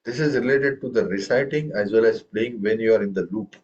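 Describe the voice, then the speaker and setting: A man's voice: fairly low pitch, a little fast, darkish tone, lo-fi sound. Patient man teaching tabla with questions. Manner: asks students many questions, recites syllables with strong stress. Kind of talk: online group music lesson.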